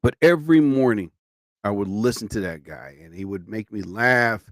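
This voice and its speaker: This live-show host sounds sleepy and worn out as he chats and rambles, exclaiming frequently. His voice is on the low side and expressive, at a moderate pace, recorded on a studio mic without echo.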